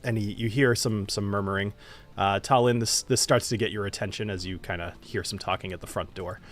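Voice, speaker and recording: A man's voice: lowish voice, steady tone, a little fast. A man running a live tabletop game as dungeon master, easygoing and chatty, laughing often between narration.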